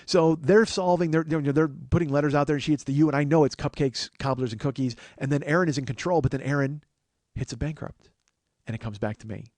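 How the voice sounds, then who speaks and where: A man's voice: fairly high pitch, fast talker, no echo. Profane storytelling man, dry close sound. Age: 40s. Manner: animated, profane, shouts quoted outbursts. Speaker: podcast host. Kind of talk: comic storytelling monologue.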